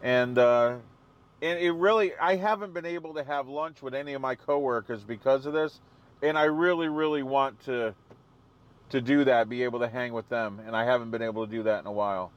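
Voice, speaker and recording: A man's voice: mid-range voice, a little fast, dull audio. A man hosting a live stream, chatting casually with viewers and answering their comments. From New England.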